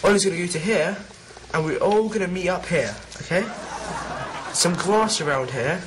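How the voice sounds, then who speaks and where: A man's voice: sits high, normal speed, noisy background. A young man joking around in an amateur comedy video, teasing and laughing as he lays out a mock plan.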